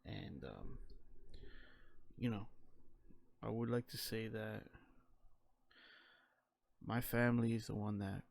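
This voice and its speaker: A man's voice: lowish voice, slow, gravelly, long pauses, no echo. A man telling his own story in a candid, reflective way, casual and full of "you know" and "man" fillers.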